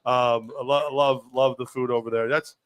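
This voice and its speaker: A man hosting a casual live chat as team president, joking and animated. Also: mid-range voice, moderate pace, smooth, no echo. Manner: joking, animated, acts out quoted people.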